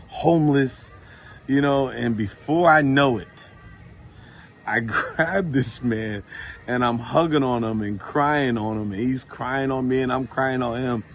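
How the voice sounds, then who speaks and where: A man casually telling true faith stories, informal and lively when he retells what people said. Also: medium pitch, measured pace. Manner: informal, animated when retelling dialogue, many fillers. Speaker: Christian storyteller. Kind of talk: casual testimony to a phone camera.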